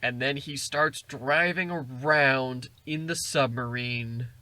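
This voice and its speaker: A man's voice: mid-range voice, slow pace, pushed and bright, no room sound. A man casually recapping a film plot in a rambling, jokey way. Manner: rambling, jokey retelling with acted quotes.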